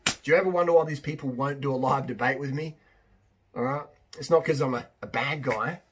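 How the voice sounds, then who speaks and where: A husky-voiced man talks straight to his audience as a fitness coach. His monologue is casual and rambling, punched up with emphatic repeats. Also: medium pitch, fairly quick.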